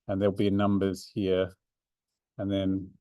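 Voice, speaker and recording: A man's voice: deep voice, completely flat delivery, unhurried, dark tone, clean tone, no echo. A man, a maths learning centre coordinator, explains a revision seminar step by step with fillers and restarts. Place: room, drawing notes for an overhead camera.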